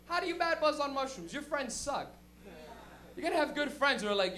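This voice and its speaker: On a comedy club stage, a young man with a very high, bright voice delivers animated stand-up, telling loose, crude, slang-heavy stories a little fast.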